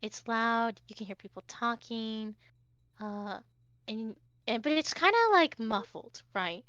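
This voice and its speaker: A woman's voice: a little high, unhurried, a bit bright, dry recording, lo-fi sound. A woman narrating as game master of a tabletop game, chatty and rambling with many fillers.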